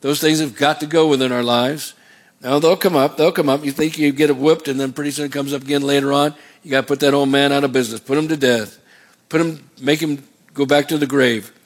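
A pastor preaches a sermon emphatically in a medium-pitched, fairly quick voice with fairly even intonation. He poses call-and-response questions to the congregation and rises on his exhortations.

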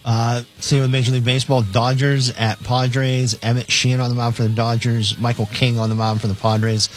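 A man's voice: medium pitch, little pitch movement, normal speed, soft background music. A man on a radio show reading out betting lines in a matter-of-fact way, with many fillers.

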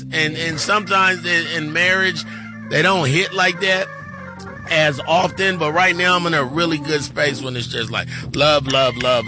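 A man co-hosting a morning radio show, joking playfully with a church-style cadence. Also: on the high side. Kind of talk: casual morning radio banter.

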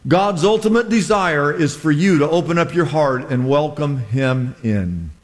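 A man's voice: a little high, lively intonation, measured pace, in a large hall. A man preaching a sermon as pastor, retelling a story with voiced quotes and jokes. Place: church.

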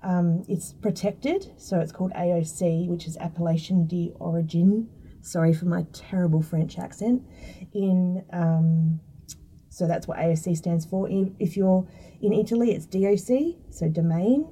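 A mellow, quite dark-toned woman with a slightly husky voice. She explains things in a relaxed, chatty way, full of ums and restarts. She sounds a little distant from the microphone. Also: on the low side, measured pace. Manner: chatty, explanatory, many fillers. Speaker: food scientist guest. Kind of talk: casual interview talk.

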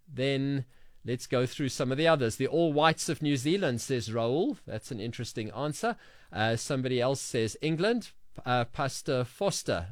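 A man's voice: mid-range voice, dry recording, studio quality. A man hosting a radio sports show, reading listener messages and quiz answers aloud in a chatty way. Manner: chatty, reads names and quiz answers briskly.

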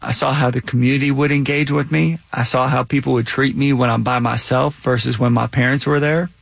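A man answering interview questions in a reflective, measured way as a guest author. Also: medium pitch, fairly even intonation, creaky, no echo.

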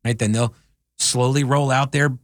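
A male talk radio host with a dry, close studio sound. He talks casually and drops sarcastic asides. His pitch sits in an ordinary middle range. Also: fairly even intonation, normal speed, no echo.

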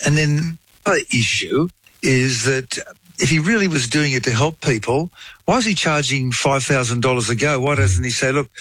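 A man's voice: medium pitch, normal speed, a bit bright, dry recording, poor audio. A man explaining a medical topic in conversation, telling a case story with frequent "you know" asides. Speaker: guest explaining science.

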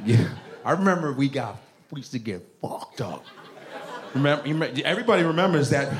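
A man doing a stand-up routine, talking with the crowd loudly and mimicking his parents' voices. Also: medium pitch, animated, fairly quick, a little hiss or hum. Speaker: stand-up comedian.

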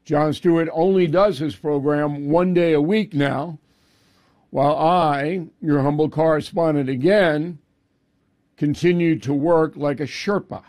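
A male radio commentator reading a scripted segment and an ad. He speaks in a measured, emphatic way, and his voice sits a little high. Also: fairly even intonation, darkish tone.

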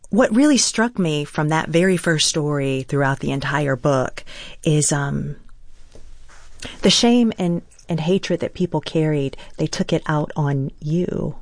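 A woman hosting a radio interview, asking calm, measured questions. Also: low-pitched, no echo, clean studio sound.

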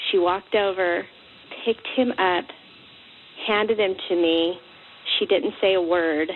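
A woman's voice: fairly low pitch, narrow, tinny audio, slight background noise. A woman, a mother and wife, earnestly recounting a personal anecdote. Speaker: listener telling her story.

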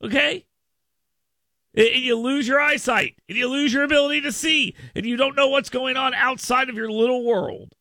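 Sarcastic ranting man with a gravelly voice. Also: very high voice, steady tone, moderate pace, pushed and bright, no room sound, studio quality. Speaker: political talk radio host. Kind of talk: opinionated talk radio monologue.

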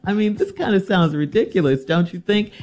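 A woman's voice: medium pitch, expressive, moderate pace, a little mellow. A woman hosting a radio advice show, reading a listener's letter and giving blunt, teasing advice.

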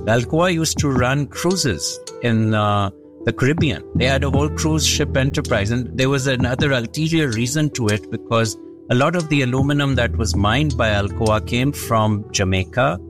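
A man interviewed as an expert, explaining history in a measured way. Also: mid-range voice, over music.

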